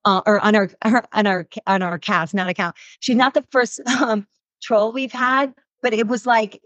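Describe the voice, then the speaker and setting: An animated woman in her thirties talks freely as a reality show cast member, dropping "like" again and again as she goes. Her voice sits at a middle pitch for a woman. The recording is dry and a bit dull, with little room sound. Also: moderate pace, dry recording. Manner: animated, frequent "like" fillers. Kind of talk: casual interview answers.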